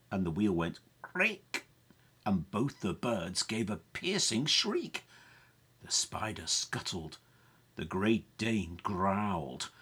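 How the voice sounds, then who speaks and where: A woman reading a rhyming children's picture book aloud, with a lilting, expressive delivery. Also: extremely low pitch, husky. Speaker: storyteller.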